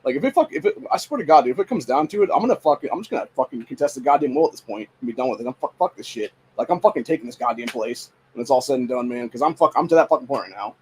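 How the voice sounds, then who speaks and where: A man's voice: medium pitch, animated, very fast, hardly any pauses, a little hiss or hum, low-quality recording. A man in his forties from Ohio, hosting a podcast and venting in a frustrated, profanity-filled rant. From Ohio, USA. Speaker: podcast host. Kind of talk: casual venting monologue.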